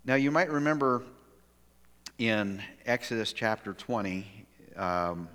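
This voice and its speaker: A man preaching a sermon as pastor, telling a story in a lively way with many restarts. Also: fairly low pitch, slow pace. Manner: animated storytelling with frequent restarts. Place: church sanctuary. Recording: long hall reverb.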